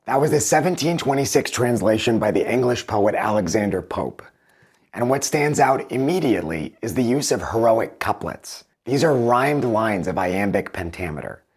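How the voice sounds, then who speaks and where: A man with a low, slightly husky voice talks through literary translations like a patient teacher. His delivery is measured and thoughtful, with lively rises and falls in pitch. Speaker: video host reviewing book translations. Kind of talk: explanatory commentary with read-aloud passages.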